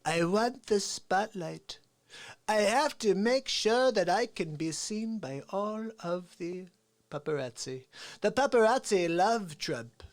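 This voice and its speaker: A bragging president impression by a man, full of self-praise. The pitch swings up and down with a lot of movement. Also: expressive, slow, exaggerated voice. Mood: boastful. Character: boastful male president impression.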